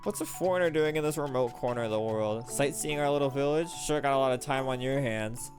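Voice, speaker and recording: A man voicing a rude, jaded village boy who talks in a gruff, dismissive way and swears. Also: mid-range voice, a little fast, over music, lightly acted.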